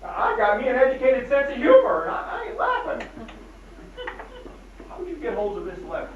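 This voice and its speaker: Slow, drawly small-town sheriff, swingy voice, super echoey and far off, dull old movie sound. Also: male voice, very high-pitched, wildly swooping pitch, a faint crowd, a little hiss or hum, full character voice. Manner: slow, drawling, dry and mocking. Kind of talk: 1940s film acting.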